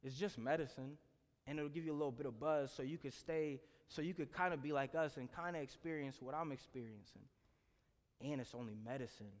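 A man's voice: mid-range voice, fairly quick, lightly acted. A man voicing a casual young male friend who talks him into things in an easygoing way. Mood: coaxing. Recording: long reverb in a hall.

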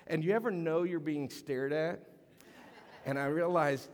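A man preaching a sermon to his congregation, animated and storytelling, acting out voices in his stories. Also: fairly high pitch, normal speed, big-room sound. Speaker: pastor. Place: church sanctuary.

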